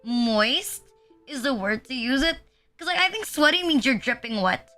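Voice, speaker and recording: Bright high-voiced Filipina streamer rambling. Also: female voice, lively intonation, a little fast, soft background music. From Philippines. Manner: rambling, filler-heavy, self-deprecating. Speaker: VTuber streamer. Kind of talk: casual live-stream chat.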